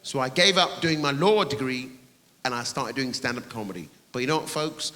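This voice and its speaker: A man doing a stand-up comedy set on a theatre stage, teasing the audience and bursting into shouted high voices. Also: fairly quick. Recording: reverberant hall with loud audience noise.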